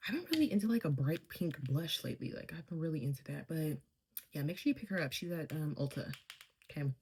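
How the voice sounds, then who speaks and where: Young woman, lowish voice, casual makeup storytime, chatty and animated. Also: a little hiss or hum. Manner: chatty, animated, laughing asides. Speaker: beauty vlogger.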